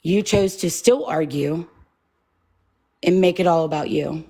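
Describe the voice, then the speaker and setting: A woman's voice: lowish voice, unhurried, mellow, breathy edge. A woman hosting a livestream, shaky and nervous, talking bluntly and confrontationally and swearing freely. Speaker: livestream host.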